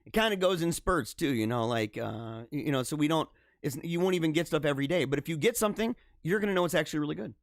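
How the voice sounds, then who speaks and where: A man's voice: fairly high pitch, fast talker, hardly any pauses, no room sound, studio quality. A man hosting a live show, riffing casually with a lot of laughter, stammering restarts and mock disbelief. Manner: animated, incredulous, laughs often, stammers. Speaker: show host. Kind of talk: casual live-stream commentary.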